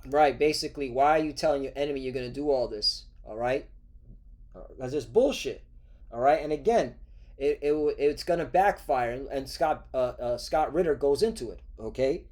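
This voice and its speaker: Brief: cursing male preacher-style host, rambling rant, mid pitch. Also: expressive, moderate pace, a little mellow. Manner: profane, ranting, repeats "all right?". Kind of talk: religious news commentary.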